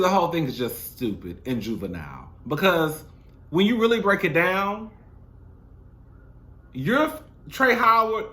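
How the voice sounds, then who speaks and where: A man recapping a reality show with blunt, sassy commentary. His voice sits high and bright, and it swings widely in pitch as he talks to viewers. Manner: sassy, blunt, animated, calls viewers "girl".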